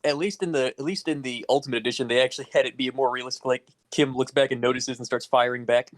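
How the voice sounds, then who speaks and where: A man's voice: medium pitch, steady tone, fast talker, no room sound, studio quality. Casual man retelling game scenes. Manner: casual, retells scenes, swears freely, chuckles. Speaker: podcast co-host. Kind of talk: casual chat about video games.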